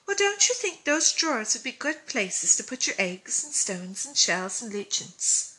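A woman voicing a gentle, kindly motherly schoolmistress in a storybook reading. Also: fairly high pitch, big pitch swings, unhurried, exaggerated voice. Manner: gentle, warm instruction.

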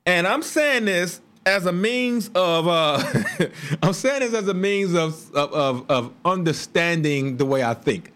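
A man's voice: high voice, a little slow. A man, telling stories casually on a livestream with laughs and asides. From Chicago. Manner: animated storytelling with laughs and asides. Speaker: livestream host.

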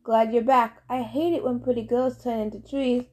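A woman's voice: a little high, steady tone, normal speed, a little mellow, lightly acted. Woman reading as a cocky young sun god. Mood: cocky, playful. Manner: boastful, cheerful, showy.

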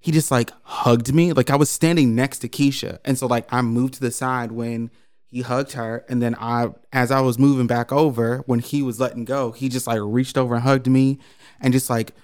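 Guy on a podcast, swears a lot, tells it big, pitch jumps way up for quotes, dry close sound. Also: moderate pace, no echo. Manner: animated, profane, swings into high mocking quotes. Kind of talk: casual storytelling chat.

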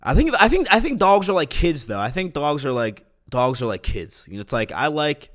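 A man's voice: fairly high pitch, sing-song, a little fast, fairly bright tone. A young man hosting a podcast alone, rambling casually with lots of fillers, restarts and swearing. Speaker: podcast host. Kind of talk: casual solo podcast rant.

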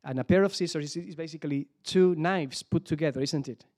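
A male preacher with a high voice and a Spanish accent delivers a sermon in English. He restarts his phrases, repeats words and pauses to search for English terms, turning to the audience for help. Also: a little mellow. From Spain.

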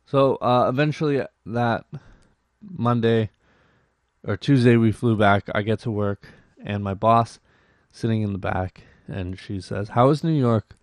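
A man's voice: on the low side, steady tone, unhurried, no echo, studio quality. A young Canadian man hosting a podcast, rambling through a casual story with many restarts and acted-out quotes. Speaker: podcast host.

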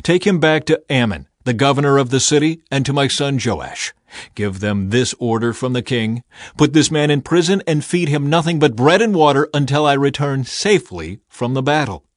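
A sharp, commanding ancient king barks his orders, as a man reads him in a scripture recording. The voice sits in an ordinary pitch, and the sound is close and dry. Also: animated, moderate pace, dry recording, natural voice. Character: angry scheming ancient male king.

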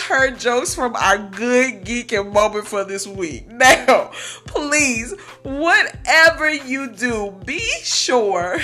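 A woman hosts a podcast in a high, bright voice and an unhurried delivery. Her talk is animated and teasing, and she laughs at her own corny jokes. Faint music sits behind her. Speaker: podcast host.

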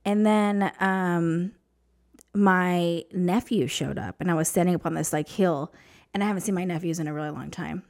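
A woman's voice: lowish voice, steady tone, moderate pace, a little mellow. A woman from New Mexico, a podcast guest, telling a personal story in casual, emotional, rambling talk full of fillers.

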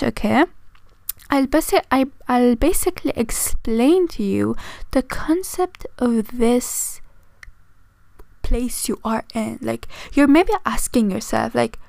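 A woman's voice: a little high, unhurried, vocal fry, a little mellow, no room sound. A woman of twenty with a non-native English accent, hosting a casual solo podcast, tired and rambling with self-mocking asides. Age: 20s. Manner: rambling, self-mocking, with restarts and frequent "okay?". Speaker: podcast host.

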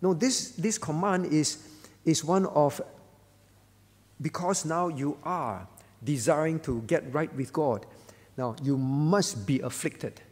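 A man's voice: fairly high pitch, slow pace, a little mellow, slightly rough. A man preaching at a prayer meeting as the pastor, earnest, repeating his phrases and quoting scripture. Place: church hall. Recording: church hall with long reverb.

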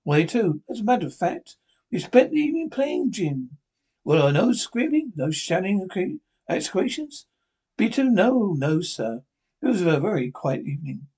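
A man's voice: high-pitched, sing-song, normal speed, darkish tone, breathy edge, heavily acted. A man playing a polite robot double of a husband in a 1950s radio drama, with a formal, courteous servant's manner.

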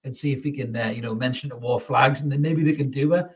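A man's voice: mid-range voice, fast talker, a little hiss or hum. A man over 38, hosting a casual football chat with blunt, sweary banter. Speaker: podcast host.

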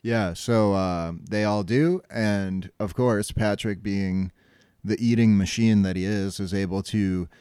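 A man's voice: on the low side, steady tone, a little slow, mellow. A man co-hosting a podcast, chatting about a cartoon in a rambling, hedging way. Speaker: podcast co-host. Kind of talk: casual episode recap.

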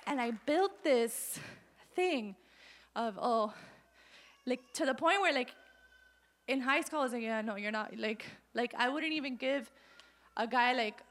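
A woman preaching a sermon and telling her own testimony, acting out quoted voices along the way. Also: on the high side. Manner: personal testimony told with quoted voices, animated.

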